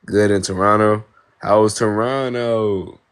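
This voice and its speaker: Young man, laid-back live-stream chat, slow, low-pitched, slangy, repeats himself, phone mic. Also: fairly even intonation, clear, resonant tone. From Ohio, United States.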